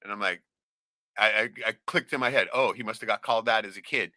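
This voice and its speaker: A man's voice: on the low side, fast, sharp tone, dry recording. A man telling stories in casual chat, bluntly and with constant swearing. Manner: swears constantly, blunt storytelling with lots of "right?".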